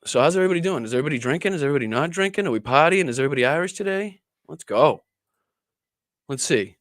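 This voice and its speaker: A man's voice: fairly high pitch, expressive, rapid-fire, fairly bright tone, no room sound, clean studio sound. A man hosting a casual political live stream, rambling and joking with crude asides while he chats with viewers. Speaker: political livestream host.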